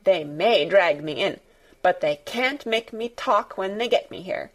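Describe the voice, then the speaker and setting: A woman voicing a stubborn, fierce-tempered young girl who speaks in a sharp, obstinate and blunt way. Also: medium pitch, lively intonation, unhurried, close to an everyday voice. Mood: defiant.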